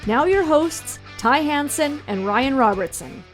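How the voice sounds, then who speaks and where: A woman reading a scripted podcast introduction in a smooth, even way. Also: high voice, measured pace. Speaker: show announcer. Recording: guitar music behind.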